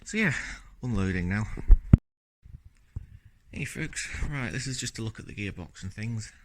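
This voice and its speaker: A man talking casually through his car-repair video diary on a handheld phone camera, relaxed and rambling with lots of fillers. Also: on the low side, unhurried, a little hiss or hum. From Scotland.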